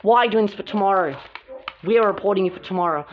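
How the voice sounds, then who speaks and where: A woman performing the voices of several bickering girls in a home-made doll drama. She jumps quickly between characters, gasping and shouting through the arguments. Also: medium pitch, a little hiss or hum. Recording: dull lo-fi home recording.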